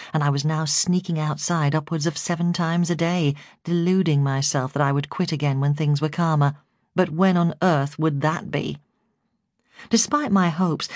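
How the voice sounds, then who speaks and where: A woman who is a foster carer narrating her memoir as an audiobook, in a steady, measured way. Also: deep voice, dry recording, clean studio sound.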